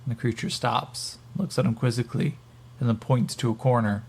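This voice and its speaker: Gravelly man narrating a tabletop game. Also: mid-range voice, fairly even intonation, a little fast, darkish tone. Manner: rambling, lots of fillers. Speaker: game master.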